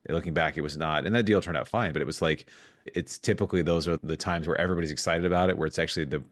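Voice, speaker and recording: A man speaking as a guest in a podcast interview, telling stories in an animated way with frequent restarts. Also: low-pitched, no echo, studio quality. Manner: fast, animated storytelling with restarts. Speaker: guest investor.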